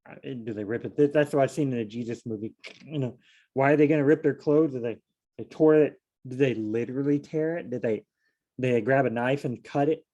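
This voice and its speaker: A Bible study teacher talks through a passage in a relaxed, conversational tone, reading a verse aloud and then unpacking it with asides and playful quotes. His voice is mellow and dark, at medium pitch, and he speaks fairly quickly. The recording sounds muffled.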